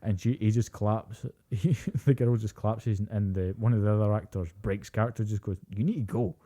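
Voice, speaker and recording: Young male podcast co-host, low dark voice, sweary animated storyteller. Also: brisk. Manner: animated storytelling, heavy swearing, acts out quotes. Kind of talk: casual chat.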